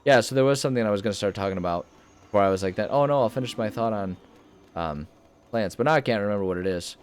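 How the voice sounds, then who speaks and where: A young gaming host rambles through casual let's-play commentary, joking, talking to himself, and mocking himself along the way. His voice is lowish, quick, clear, and resonant.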